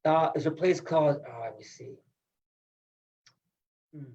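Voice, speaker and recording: A man's voice: fairly high pitch, unhurried, a little mellow, dull audio. A middle-aged man from Iowa, a wrestling coach, talking in a casual podcast interview in an emphatic, upbeat, folksy way.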